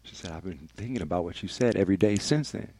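A man with a low, gravelly voice tells a personal story in a candid, confessional way. He speaks as a radio personality would, emphatic and blunt, swearing freely. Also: fast talker, a little mellow, dry recording.

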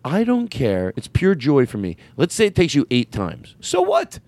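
A man's voice: mid-range voice, huge pitch swings, moderate pace, darkish tone, dry recording. A man hosting a casual podcast chat, playful and loose, swearing freely. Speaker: host.

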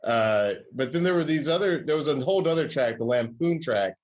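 A man's voice: medium pitch, lively intonation, brisk, muffled recording. A man from Georgia, a comedy writer, telling stories in a casual interview with many fillers and restarts.

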